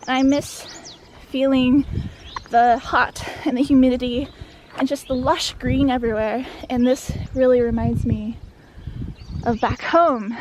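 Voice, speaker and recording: A young woman from Wisconsin telling a casual hiking story, chatty and full of "like" fillers, recorded outdoors on a mountain trail. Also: high-pitched. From Wisconsin, USA. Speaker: hiker vlogger. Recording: outdoor noise in background.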